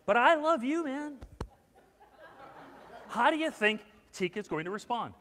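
A man preaching a sermon as pastor, telling stories with acted-out quotes and swinging between hushed and loud. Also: very high voice, lively intonation, unhurried, in a large hall. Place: church sanctuary.

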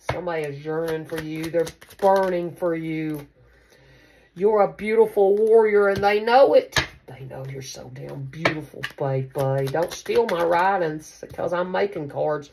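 A woman's voice: deep voice, measured pace, creaky, a little mellow, a little hiss or hum. A woman giving a casual tarot reading to camera, chatty and affectionate, calling her listeners baby. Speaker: tarot card reader.

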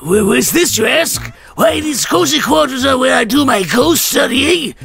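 A rambling old ghost professor, wheezy and raspy like a lifelong smoker, as a man puts him on, pitched well above his own voice. He stretches his words out with theatrical old-man flair, and his tone climbs and dips a lot. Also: lively intonation, normal speed, a bit bright, soft background music, heavily acted. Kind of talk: reading game dialogue aloud in a voice.

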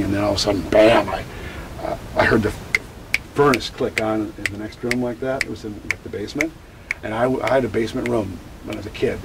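Older male interviewee, candid and halting, repeats himself as he recalls things. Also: medium pitch, noisy background. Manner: halting, repeats words and restarts often. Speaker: grief educator, interviewee. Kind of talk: candid personal storytelling in an interview.

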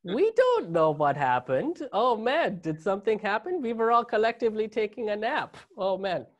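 A man's voice: sits high, very animated, normal speed, voice pushed up. A male comedian voicing a smug, evasive German official in an exaggerated mock German accent. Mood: mock innocent. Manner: mocking, exaggerated, feigned innocence.

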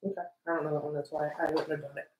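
A woman's voice: sits low, little pitch movement, very fast, a little mellow, roomy sound, a little hiss or hum, low-quality recording. A woman co-hosting a live stream, chatting casually and reading out movie lines, laughing at herself. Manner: chatty, self-deprecating, laughs often.

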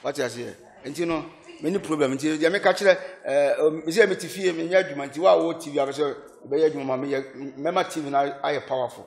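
Fast-talking Ghanaian man, animated. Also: a little high, vocal fry. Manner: animated, switches between Twi and English, laughs often. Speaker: interviewee. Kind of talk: casual interview.

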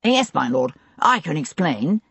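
A woman reads a disciplined former rifleman colonel whose replies are clipped and deferential. The voice is low and husky. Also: very animated, measured pace, a bit bright, dry recording, exaggerated voice.

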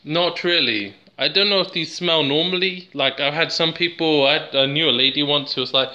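A man from England chats casually to a handheld camera while reviewing a plant, joking and drifting into tangents. His voice is on the high side and sharp in tone, at a moderate pace, and the recording sounds muffled.

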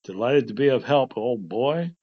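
A man's voice: medium pitch, animated, normal speed, muffled recording, lightly acted. A man voicing a male stage magician, shy at first yet grand and scornful, in a storybook reading.

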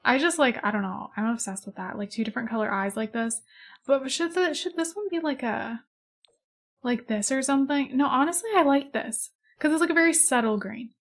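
A high-pitched, fairly quick voice belongs to a young woman in her twenties, a gaming YouTuber. In casual let's-play chat she rambles, giggles and coos over cute animals.

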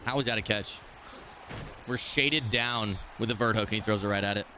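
Brash, bright-voiced male game streamer. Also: fairly low pitch, normal speed, slight background noise. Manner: brash, trash-talking, excitable. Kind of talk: live gameplay commentary.

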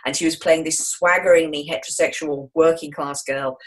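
Lively low-voiced Midlands woman. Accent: Wolverhampton, English Midlands. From England. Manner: enthusiastic, jokey, quick to put on voices in anecdotes. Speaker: author and screenwriter guest. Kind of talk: animated interview talk.

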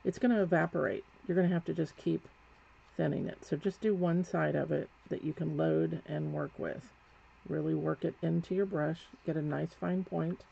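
A woman teaching painting talks through a live demonstration, chatty and self-correcting as she works. Her low voice holds a steady tone at a moderate pace, with vocal fry and a mellow, husky quality. The sound is dull and lo-fi, with faint background noise.

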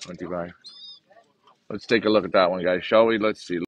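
A man's voice: sits low, fairly even intonation, moderate pace. A man from Canada giving a chatty, upbeat, gum-chewing vlog as he walks through an outdoor pigeon market, filming on a handheld phone. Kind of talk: casual walk-around vlog. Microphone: handheld phone camera.

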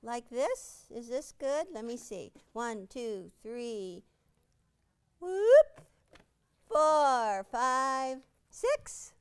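A woman's voice: a little high, very animated, very slow, clear, resonant tone. A woman hosting a live quilting demonstration, chatting playfully and quizzing a small studio audience. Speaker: quilting instructor and show host.

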